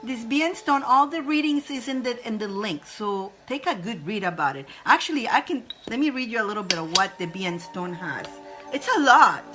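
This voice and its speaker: A woman hosting a spiritual live stream, chatting casually and excitedly with viewers. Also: on the high side, fairly quick, few pauses, music in the background, poor audio. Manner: chatty and excitable, breaks into laughter.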